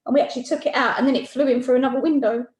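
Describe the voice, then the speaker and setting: A woman's voice: sits high, steady tone, rapid-fire, a little mellow, roomy sound. A woman answering a reading over a video call, giving brief, eager replies. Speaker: caller. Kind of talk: casual chat.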